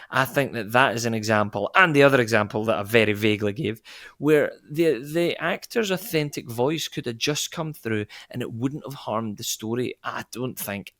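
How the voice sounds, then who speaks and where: A Scottish actor answering an interview question in a casual, rambling way, often correcting himself and laughing. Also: male voice, medium pitch, creaky, a bit bright, no room sound, clean studio sound. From Scotland. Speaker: actor guest.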